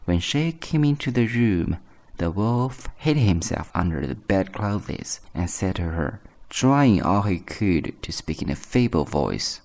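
A man reading a bedtime story aloud as an English teacher, in a calm, measured telling. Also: on the low side.

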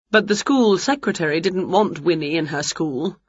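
A woman reading an English picture book aloud at home in a clear, expressive read-aloud manner. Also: on the low side, moderate pace, few pauses, no echo, dull audio. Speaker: storybook reader.

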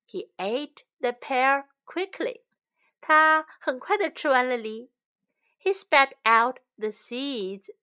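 A woman reading a children's story bilingually, line by line, in a clear and gentle way. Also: high voice, takes it slowly.

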